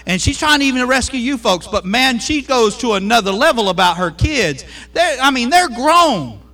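A middle-aged man preaches, and his voice sits high and sounds bright and forceful. He talks in animated bursts and keeps asking the congregation questions. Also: normal speed. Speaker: pastor. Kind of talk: sermon.

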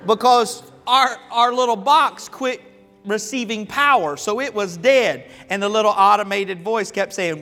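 High-voiced Southern preacher in a reverberant church. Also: male voice, unhurried. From Florida, American South. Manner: folksy, humorous, animated storytelling. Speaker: pastor. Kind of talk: sermon with storytelling. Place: church sanctuary. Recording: long hall reverb with faint music.

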